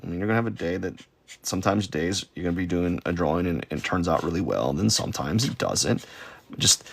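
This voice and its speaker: Sketching on a live stream, this man rambles on and pokes fun at his own artwork, tossing in goofy sound effects as casual commentary. He speaks quickly in a low, creaky voice.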